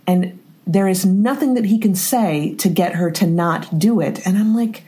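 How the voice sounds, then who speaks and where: A woman's voice: lowish voice, normal speed, warm tone. A woman co-hosting a podcast, casually retelling scenes with frequent laughs and exclamations. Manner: laughs often, exclaims reactions. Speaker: podcast co-host. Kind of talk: casual recap chat.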